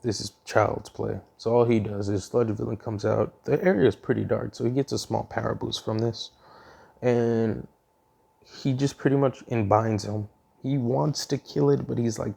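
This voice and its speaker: A man with a gravelly, mellow voice tells a fan story off the cuff. He rambles and restarts often, filling gaps with ums. His tone stays casual throughout. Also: lowish voice.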